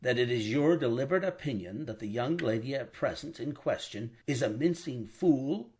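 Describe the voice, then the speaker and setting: A blustering, pushy middle-aged lawyer, as a male narrator puts him on in an audiobook, pressing his case loudly and indignantly. His husky voice is raised above the narration and swings widely in pitch. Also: lively intonation, moderate pace.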